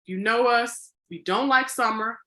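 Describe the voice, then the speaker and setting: A woman co-host chatting casually on a podcast, her voice sitting a little high and sounding crisp and bright. She wanders from thought to thought, corrects herself mid-sentence and leans on easy fillers, keeping the tone playful and silly. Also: measured pace. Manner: rambling and self-correcting, with many "you know" fillers.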